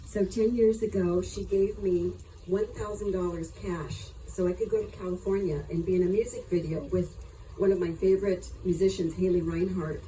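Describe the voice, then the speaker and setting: Woman, eulogy speaker, earnest and affectionate, mellow tone, light noise behind. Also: lowish voice, fairly even intonation, normal speed, rough recording. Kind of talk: heartfelt memorial tribute. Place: memorial gathering.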